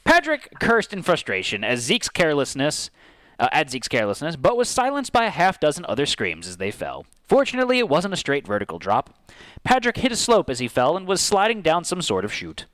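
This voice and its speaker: A man's voice: on the high side, wildly swooping pitch, brisk, fairly bright tone, no room sound, rough recording. A man as game master, reading a tabletop game's story aloud with dramatic storytelling.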